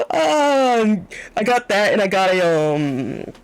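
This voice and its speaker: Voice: medium pitch, wildly swooping pitch, very slow, long pauses, no room sound, soft background music, poor audio. Giggly young streamer rambling with fillers. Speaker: VTuber streamer. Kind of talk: casual stream chat.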